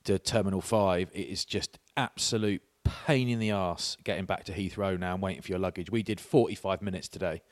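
A man's voice: deep voice, fairly quick, few pauses. A man, chatting on a podcast and telling stories with laughs and swearing. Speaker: podcast co-host. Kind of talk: casual chat.

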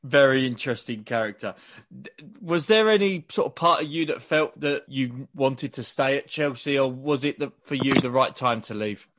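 A man hosting a podcast, asking polite, measured interview questions. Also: mid-range voice, fairly bright tone, slight background noise.

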